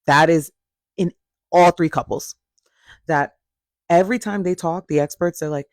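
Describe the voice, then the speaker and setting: A man's voice: fairly high pitch, normal speed, pauses often, no room sound, clean studio sound. A man giving a blunt, sassy and profane casual recap of a reality TV show.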